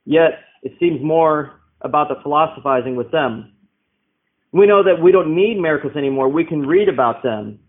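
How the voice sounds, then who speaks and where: A man's voice: on the high side, moderate pace. A man preaching a Bible-teaching sermon, explaining verses and asking rhetorical questions. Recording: tinny phone-like sound.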